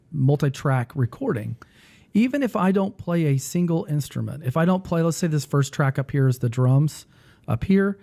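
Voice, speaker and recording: A man hosting a casual talk who rambles and thinks aloud while he clicks through music software. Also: fairly high pitch. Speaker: music teacher and podcast host.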